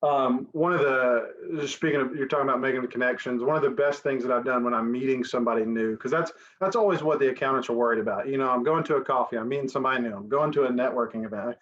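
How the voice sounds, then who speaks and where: A man's voice: mid-range voice, fast, hardly any pauses, a bit bright. Easygoing man with a dull recording. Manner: easygoing, jokes and interjects. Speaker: podcast co-host. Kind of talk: casual business podcast chat.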